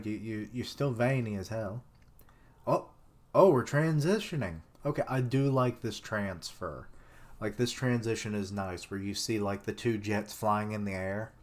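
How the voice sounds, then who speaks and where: Joking man reading a manga aloud. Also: on the low side. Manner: joking, swears often, laughs at own jokes. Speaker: streamer reacting to a manga chapter. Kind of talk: live reaction, reading aloud and commenting.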